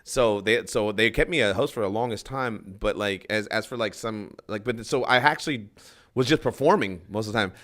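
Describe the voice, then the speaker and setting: A male comedian telling a story in casual podcast chat, acting out the people in it and swearing freely. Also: normal speed. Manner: animated, acts out quotes with rising pitch and swearing.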